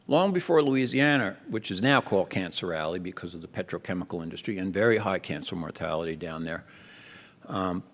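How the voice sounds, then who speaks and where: An older man speaks in a low, gravelly voice as he delivers a keynote in a lecture hall. His words carry a long reverb through the hall. He tells the story with restarts and rises in pitch on the points he stresses. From New Jersey. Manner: storytelling with restarts, rising on emphasis. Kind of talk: conference keynote talk.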